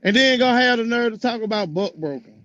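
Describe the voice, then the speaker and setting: A man's voice: extremely high pitch, expressive, fairly bright tone, dull audio, a little hiss or hum. A man in a heated live audio-room debate, making sarcastic remarks. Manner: sarcastic, drawn-out.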